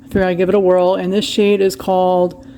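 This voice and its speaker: A woman's voice: on the low side, level tone, a little fast, dark tone, slight background noise. A woman chatting casually at home as she unboxes and shows off her shopping haul. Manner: chatty, wails dramatically over a broken cup. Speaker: vlogger. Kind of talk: casual haul vlog chat.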